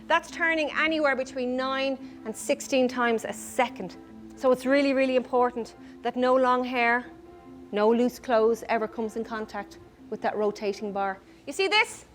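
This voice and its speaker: An Irish woman who teaches farm safety, talking in interviews and to schoolchildren with lots of questions. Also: high-pitched. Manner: lively, talks to children with questions. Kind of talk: documentary interview and classroom talk.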